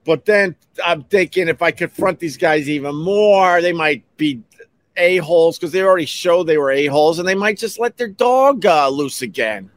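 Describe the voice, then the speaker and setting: A man hosting a podcast, telling personal stories in a casual, heated way that jumps up in pitch when he gets riled. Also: animated, normal speed. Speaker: podcast host. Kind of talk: casual storytelling monologue.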